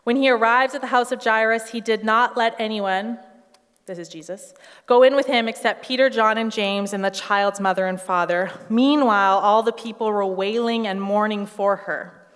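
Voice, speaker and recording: Woman, 30s, pastor, sermon, animated storytelling, playful asides, long hall reverb. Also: fairly high pitch, moderate pace, clean tone. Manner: animated, acts out quoted voices, humorous asides. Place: church hall.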